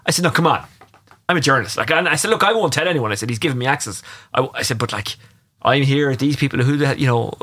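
An Irish man co-hosting a radio sports show, telling animated anecdotes with quoted dialogue. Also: medium pitch, fast, husky. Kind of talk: casual radio chat, storytelling.

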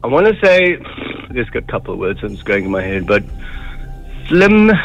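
An easygoing man phones in to a morning radio quiz. He muses and hesitates, filling pauses as he thinks aloud. Light music plays underneath. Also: lowish voice, sing-song, creaky, lo-fi sound. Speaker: radio caller.

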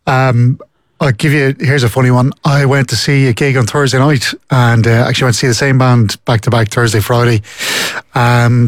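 An Irish man in casual podcast chat, telling a story with easy humour and then moving into sports news at a steady clip. His voice sits in an ordinary middle register. The sound is close and dry. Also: medium pitch, dry recording. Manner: chatty storyteller, reads news in a steady run. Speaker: podcast co-host.

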